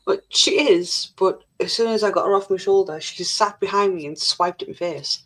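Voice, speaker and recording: A woman's voice: mid-range voice, moderate pace, a bit bright. A woman co-hosting a casual livestream, reading viewers' comments aloud in a blunt, sweary way.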